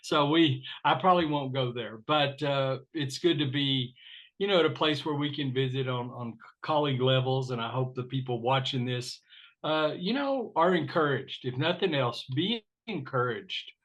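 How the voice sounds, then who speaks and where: A man's voice: mid-range voice, normal speed, a bit bright, rough recording. Older West Texas guy, folksy guest, earnest and gracious. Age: 60s. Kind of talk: casual interview conversation.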